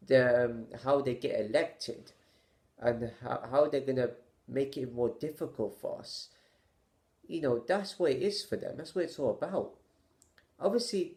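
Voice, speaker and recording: A man vlogging his opinions to camera in a halting, stammering way, sighing with exasperation and firing off rhetorical questions. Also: medium pitch, a little mellow.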